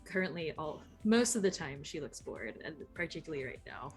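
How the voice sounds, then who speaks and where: A woman player in a tabletop role-playing game, describing her character's look slowly and calmly. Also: sits low, soft background music.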